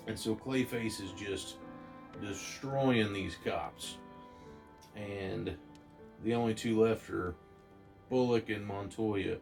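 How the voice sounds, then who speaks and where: A man casually retelling a holiday comic story, rambling and excited, with restarts. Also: lowish voice, takes it slowly, gravelly, pauses often, music in the background. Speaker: comic book reviewer.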